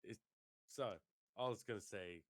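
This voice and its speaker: A man playing in a tabletop game, talking in a quick, offhand, joking way. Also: on the low side. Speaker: player. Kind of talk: casual table talk.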